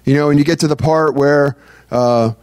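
A man's voice: a little high, steady tone, normal speed, darkish tone, dry recording, studio quality. A man preaching a conversational sermon as pastor. He speaks earnestly and breaks into prayer as he teaches. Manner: earnest, prays aloud mid-talk.

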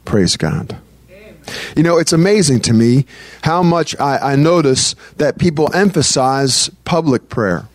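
A man's voice: fairly high pitch, lively intonation, no room sound. Repetitive, conversational male preacher, dry sound. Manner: repeats phrases, stammers restarts, reads scripture slowly. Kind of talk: sermon.

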